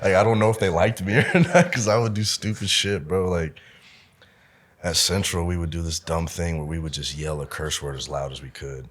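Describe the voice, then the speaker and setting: A man's voice: sits low, normal speed, fairly bright tone. A young man from Omaha chatting as a podcast guest, laid-back, laughing often and calling the host "bro". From Omaha, United States. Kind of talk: casual interview chat.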